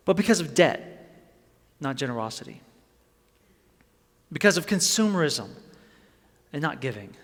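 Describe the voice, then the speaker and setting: Earnest preacher man, slightly high voice. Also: a bit bright. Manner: earnest, conversational preaching with rising emphasis. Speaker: pastor. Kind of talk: sermon. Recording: long hall reverb.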